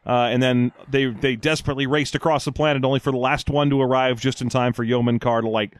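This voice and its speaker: A man's voice: mid-range voice, steady tone, fast, no room sound. A man co-hosting a podcast, chatting casually and joking as he recaps a story. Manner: jokey, rambling, laughs often. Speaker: podcast co-host.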